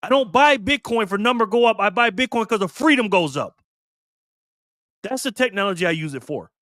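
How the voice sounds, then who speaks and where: A man in his fifties rants to camera with a high, bright, forceful voice, swearing freely and pressing his points hard. The sound is dry and close. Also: animated, fairly quick, dry recording. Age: 50s. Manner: heated, profane, emphatic, preachy. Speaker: channel host. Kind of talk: direct-to-camera vlog rant.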